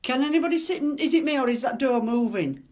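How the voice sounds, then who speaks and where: A woman's voice: high voice, lively intonation, quick pace, a little mellow. Scared woman pleading. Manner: frightened, pleading, swearing. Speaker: cleaner alone in a supposedly haunted house. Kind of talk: filming herself, talking to viewers and to a ghost. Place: dark empty house at night, indoors.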